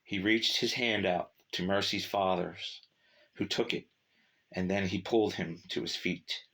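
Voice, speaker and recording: A man narrating a short story in a measured, steady reading. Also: low voice.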